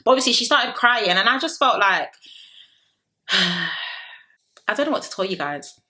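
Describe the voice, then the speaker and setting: A woman's voice: medium pitch, expressive, moderate pace, sharp tone. A young woman reviewing a reality show in a chatty, sassy commentary vlog full of rhetorical questions.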